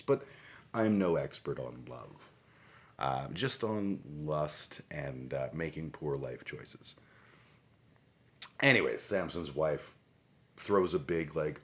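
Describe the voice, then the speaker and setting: A man hosting a livestream, reading scripture aloud and adding sarcastic, irreverent, rambling commentary. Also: very deep voice. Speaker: livestream host.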